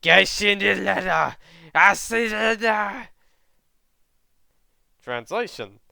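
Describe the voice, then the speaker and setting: A man's voice: high voice, animated, extremely slow, gravelly, bright, forceful tone, no room sound, studio quality, pitched above the performer's own voice, exaggerated voice. A man voicing an annoyed male monster complaining in a raised voice. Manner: irritated, grumbling. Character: annoyed male monster, unidentified life form.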